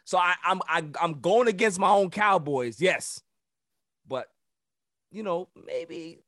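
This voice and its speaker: A man hosting a casual sports podcast, animated and playfully protesting with easy laughter. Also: sits high, slow pace, dry recording, studio quality. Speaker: podcast host.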